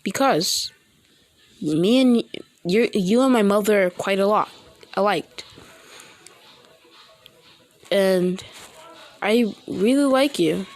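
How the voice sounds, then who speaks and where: A woman voicing an eager young goddess girl, in an earnest tone a little higher than her narration. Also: takes it slowly, pauses often, darkish tone, lightly acted.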